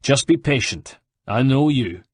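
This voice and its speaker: Man doing a Venetian Italian accented healer, late thirties, commanding, brisk. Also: medium pitch, animated, slightly rough, no echo, clean studio sound, voice pushed up.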